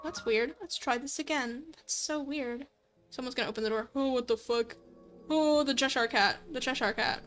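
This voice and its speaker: A woman's voice: high voice, moderate pace, fairly bright tone. A young adult woman streamer in casual let's play commentary, chatty and giggly, thinking aloud. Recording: faint background music.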